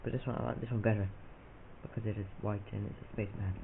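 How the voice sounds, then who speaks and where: A man's voice: on the low side, little pitch movement, fast talker, creaky. A man, vlogging in a playful, rambling chat to camera. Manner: playful, rambling, goofy asides. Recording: tinny lo-fi camera audio with loud hiss.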